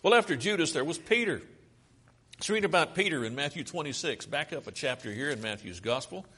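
Earnest preacher with a lively, swinging voice. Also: male voice, fairly high pitch, fairly quick, slightly rough. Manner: earnest, pleading, asks rhetorical questions. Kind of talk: sermon.

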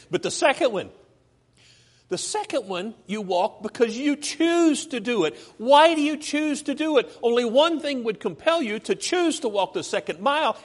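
A man preaching a sermon in a church, his voice pitched high and swooping up and down as he fires rhetorical questions at the congregation. He slips into whiny characters to make his point, and the long hall reverb rings after every phrase. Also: slightly rough. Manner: animated, rhetorical questions, acts out whiny complainers.

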